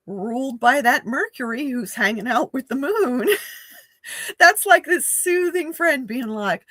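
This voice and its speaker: A woman's voice: high voice, lively intonation, takes it slowly, fairly bright tone, no echo. A woman astrologer giving a casual spoken forecast, chatty and full of fillers, often laughing and acting out playful quoted voices.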